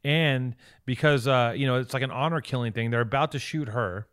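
A man co-hosting a podcast, giving a rambling, profane and excited recap of a movie in casual chat. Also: medium pitch, brisk, smooth. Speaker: podcast co-host.

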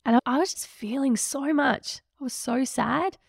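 Gravelly-voiced woman telling her story. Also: high-pitched, moderate pace, no room sound, studio quality. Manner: candid, emotional, reflective. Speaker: podcast host. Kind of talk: personal storytelling podcast.

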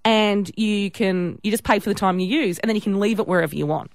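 An Australian woman co-hosting a radio breakfast show, telling a story with animated, laughing banter. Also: medium pitch, fast, no room sound, clean studio sound.

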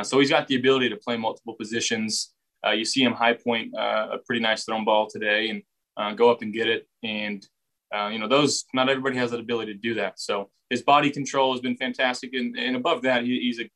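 A young man speaks in an even, flat tone with little rise or fall. He answers reporters' questions casually and often restarts a phrase before finishing it. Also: medium pitch, fast talker, rough recording. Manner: relaxed, repeats words while finding phrasing. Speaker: football quarterback at a press session. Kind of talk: casual press interview answers.

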